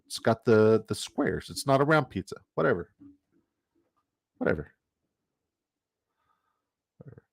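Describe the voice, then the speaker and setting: A man's voice: fairly low pitch, very animated, unhurried, vocal fry, pauses often. A man from Canada, giving loose, jokey commentary and swearing casually while running down a fantasy football draft.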